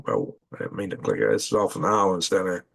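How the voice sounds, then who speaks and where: Gravelly low-voiced folksy man rambling. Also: sing-song, fast. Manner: rambling, folksy, thinks aloud while clicking through maps. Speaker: channel host. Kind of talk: casual live-stream commentary. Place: home at night.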